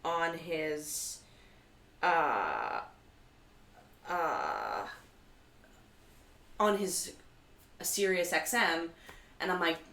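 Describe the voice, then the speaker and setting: A woman co-hosting a live comedy show, telling animated stories in casual chat, her voice jumping high when she gets excited. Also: very slow, vocal fry, pauses often. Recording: echoey room, mic at a distance.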